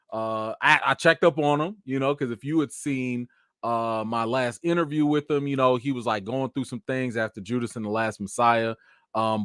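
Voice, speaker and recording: A man hosting a casual live chat, telling stories in an animated, slangy way and talking straight to his viewers. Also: mid-range voice, no room sound, studio quality. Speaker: host.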